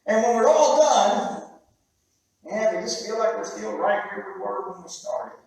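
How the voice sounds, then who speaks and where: A man delivers a sermon in a relaxed storytelling way, often restarting his sentences. His voice is high, and it comes from well back from the mic in a strongly reverberant church room. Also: gravelly. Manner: storytelling, conversational with halting restarts. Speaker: preacher. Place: church sanctuary. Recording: very echoey room, heard from a distance.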